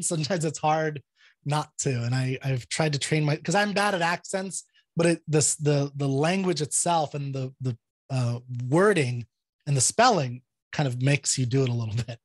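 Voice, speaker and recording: A man with a slightly husky voice talks through his subject in a loose, chatty way. He hosts the conversation, piling up fillers like "you know" and "like" and restarting his sentences as he goes. The sound is close and dry, with no room around it. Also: fairly high pitch, moderate pace, no room sound. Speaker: host presenting a poem. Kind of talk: casual chat.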